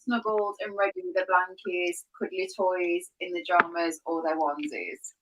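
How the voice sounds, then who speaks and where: A woman's voice: fairly low pitch, little pitch movement, moderate pace, heavy background noise. A woman on a livestream, joking with friends and reading a picture book aloud in a playful manner. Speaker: livestream participant. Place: home, livestream.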